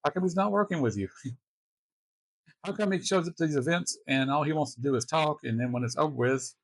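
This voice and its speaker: A man hosting a reaction video, telling personal stories in a halting, casual way with wry chuckles. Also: on the high side, no echo. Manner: halting, restarts often, chuckles wryly.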